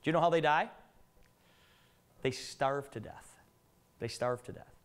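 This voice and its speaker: A man's voice: medium pitch, measured pace. A middle-aged man giving a live business presentation to an audience, telling joking stories and putting questions to the room.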